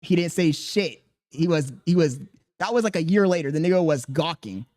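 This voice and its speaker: Animated young man telling a profane story. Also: fairly high pitch, moderate pace, dry recording. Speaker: podcast host. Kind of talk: casual podcast chat.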